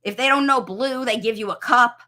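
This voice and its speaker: A woman's voice: a little high, a little fast, bright, forceful tone. A woman speech-language pathologist coaching parents on a live stream, explaining with enthusiasm and everyday examples.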